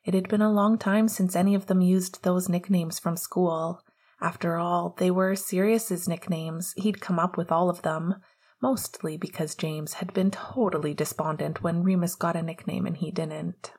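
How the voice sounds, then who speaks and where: A woman narrating an audiobook chapter in a steady, measured storytelling voice. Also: on the low side, slightly rough. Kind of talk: audiobook reading of fan fiction.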